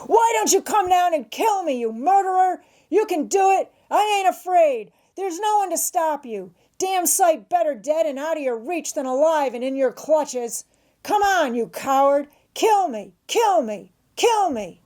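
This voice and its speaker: A woman voicing an enraged young male sailor who shouts his defiance at the top of his lungs. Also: extremely high pitch, expressive, unhurried, pitched above the performer's own voice. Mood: furious.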